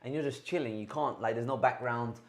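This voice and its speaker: A woman co-hosting a casual live-stream chat, teasing her co-host with deadpan jokes. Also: a bass voice, a little fast. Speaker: tech show co-host.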